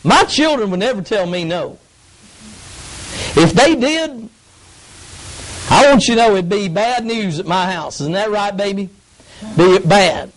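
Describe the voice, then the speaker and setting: A man's voice: high-pitched, animated, measured pace, long pauses, poor audio. A man preaching a folksy, emphatic sermon to young people in church. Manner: folksy, emphatic, acts out grumbling kids. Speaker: youth pastor.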